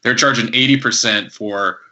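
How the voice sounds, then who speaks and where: A man co-hosting a casual film podcast, talking in a relaxed, conversational way. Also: medium pitch, moderate pace. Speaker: podcast co-host. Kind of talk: casual film review chat.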